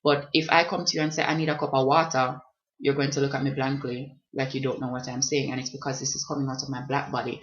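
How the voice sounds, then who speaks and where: A woman's voice: rumbling low, little pitch movement, fast, hardly any pauses. A woman, speaking earnestly and directly to the listener in a reflective personal vlog. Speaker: blogger and vlogger. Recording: dull lo-fi recording.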